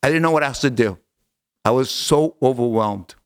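A middle-aged man telling a personal story as an interview guest, animated and casual, acting out dialogue. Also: medium pitch, normal speed, smooth, no room sound. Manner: animated, acts out quoted dialogue, casual slang.

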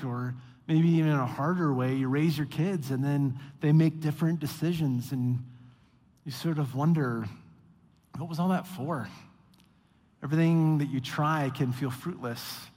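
Animated high-voiced male preacher in a reverberant hall. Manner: animated, acts out quotes with mock voices. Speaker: pastor. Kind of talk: sermon.

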